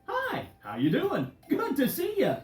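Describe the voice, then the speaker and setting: Here a woman plays a friendly, cheerful male candy character hosting a follow-the-leader game for kids on a children's DVD, using a full character voice. Her high, darkish voice swoops wildly in pitch and stays unhurried, bouncy and playful, coaxing the children. Music plays behind her in a roomy, echoing space.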